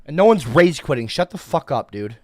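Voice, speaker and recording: A man hosting a livestream, talking to his chat in a heated, profane rant. He stammers and often bursts into shouting. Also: fairly high pitch, very animated, a little fast, slight background noise. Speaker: livestream host.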